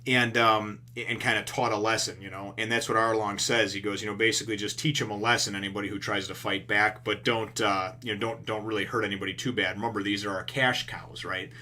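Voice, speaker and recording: Rambling man with a bright, forceful voice. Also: on the low side, brisk, hardly any pauses, slight background noise. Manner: rambling, heavy on fillers and restarts; profane, relaxed retelling. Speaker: manga reviewer. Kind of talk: casual chapter review.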